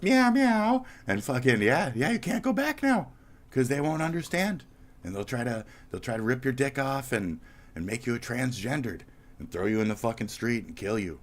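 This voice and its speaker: A man streaming live commentary as a heated, profane, mocking rant. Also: mid-range voice. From United States.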